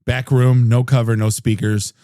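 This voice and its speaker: A man's voice: mid-range voice, flat delivery, normal speed, dark tone, no echo, clean studio sound. A man hosting a podcast in casual chat, telling rambling, jokey stories full of restarts. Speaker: podcast host.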